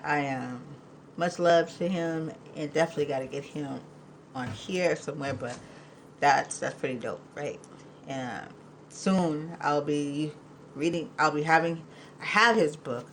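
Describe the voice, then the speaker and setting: A woman hosting a live podcast in casual chat, emotional and quick to laugh, talking in a loose, rambling way. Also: low voice, slight background noise, rough recording. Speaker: podcast host.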